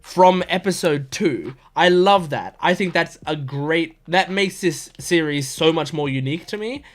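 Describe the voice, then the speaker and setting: An anime reaction YouTuber in his twenties chats casually about an anime episode, enthusiastic and rambling, full of fillers and restarts. His fairly high voice is expressive and a little slow.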